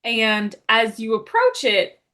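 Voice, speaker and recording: Slow, high-ish woman narrating a game. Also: big pitch swings, fairly bright tone.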